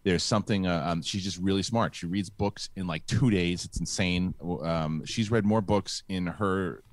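A man's voice: sits low, normal speed, dry recording. A middle-aged man hosting a live show, telling a long personal story in a rambling way with many restarts and fillers. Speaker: host. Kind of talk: casual live show chat.

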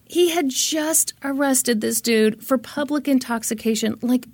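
A woman's voice: high voice, a little slow, darkish tone, no room sound. A woman hosting a podcast, telling a true-crime case in a chatty, dramatic way and swearing freely. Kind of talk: casual storytelling.

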